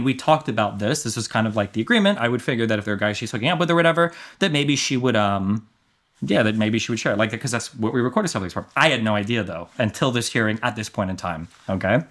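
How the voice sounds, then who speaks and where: Man, streamer, casual commentary, blunt mocking asides, lively swinging pitch. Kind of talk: casual commentary reading a court transcript.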